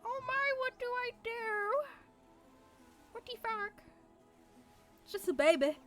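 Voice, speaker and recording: Granny role: a kindly frail old woman, high and quavery, fussing and doting, put on by a woman streamer. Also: very animated, unhurried, a bit bright, faint music behind, full character voice.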